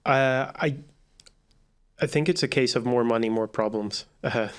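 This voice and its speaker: A man with an average-pitched voice is a guest on a podcast. He rambles through his account of how shots were made, often restarting sentences and laughing in between. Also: a little slow, clear, resonant tone. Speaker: filmmaker guest. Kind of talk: casual chat.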